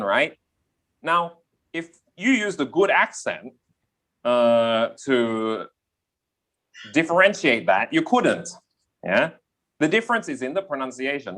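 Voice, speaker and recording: A man from Australia with a softened Australian accent, an English teacher explaining pronunciation in a live online class, often checking in with "yeah?". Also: mid-range voice. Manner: explanatory, repeats key points, checks in with "yeah?".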